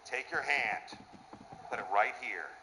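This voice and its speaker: A man's voice: medium pitch, expressive, takes it slowly. A man doing a crude, rowdy stand-up comedy set in a small club. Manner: brash, crude, rowdy punchline delivery. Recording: noisy live club recording. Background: audience laughter and loud room noise.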